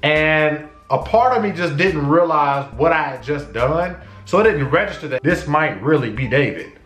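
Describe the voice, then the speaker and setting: A man casually telling a personal story to camera, acting out his own shouts and conversations. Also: on the high side, normal speed, echoey room, soft background music. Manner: animated, acts out his own shouts and dialogue. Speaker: vlogger.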